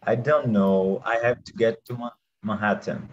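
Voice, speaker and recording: A man's voice: on the low side, normal speed, muffled recording, slight background noise, close to an everyday voice. A man reading the part of a friendly young man in a hurry, hesitant and careful, in a classroom role-play. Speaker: student reading a dialogue.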